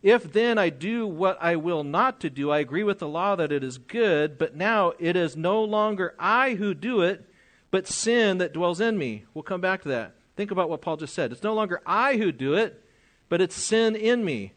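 A man's voice: high-pitched, animated, normal speed, fairly bright tone. An older man preaching a sermon, reading scripture aloud, explaining it and asking his listeners questions.

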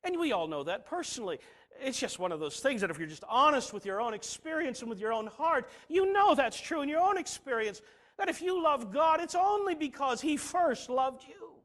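A middle-aged man preaching a sermon, swinging from soft asides to emphatic declarations. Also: very high voice, very animated, fairly quick.

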